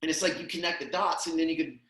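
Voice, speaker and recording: A man's voice: on the high side, fast, pushed and bright. A man telling a heartfelt story as a podcast guest, earnest and emotional, often saying "man" and "dude". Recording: roomy echo.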